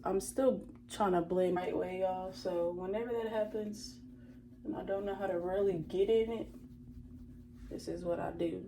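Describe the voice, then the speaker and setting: A woman's voice: medium pitch, steady tone, moderate pace, background noise. A young woman, chatting to viewers while doing her makeup. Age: 20s. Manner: chatty, talks straight to viewers as "y'all". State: emotional, close to tears. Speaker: beauty vlogger. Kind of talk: casual makeup tutorial chat.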